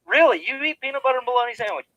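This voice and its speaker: A man's voice: extremely high pitch, expressive, rapid-fire, sharp tone, poor audio. A man co-hosting a podcast in casual chat, teasing and emphatic. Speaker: podcast co-host.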